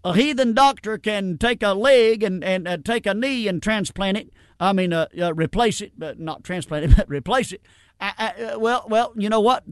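A man's voice: sits high, normal speed, smooth, no echo, studio quality. A middle-aged man preaching a sermon in a plain, folksy way, stumbling over repeated words and dropping in frequent amens. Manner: plain-spoken folksy preaching, frequent stammered restarts and "amen".

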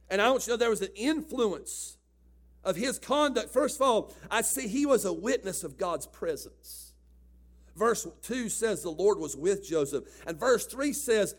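High-voiced preaching man. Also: sing-song, moderate pace, slightly rough. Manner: swings from quiet storytelling to loud preaching. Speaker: pastor. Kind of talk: sermon.

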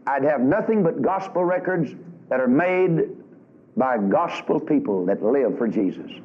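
A man's voice: mid-range voice, animated, measured pace, slight background noise. A man preaching a fiery revival sermon in a folksy, scolding way. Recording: dull lo-fi archive recording.

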